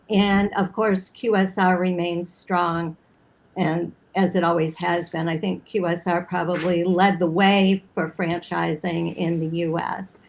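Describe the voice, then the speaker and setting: Woman guest expert, middle pitch, informative, steady delivery. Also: rough recording. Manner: steady, fact-heavy explaining. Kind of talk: informative panel answer.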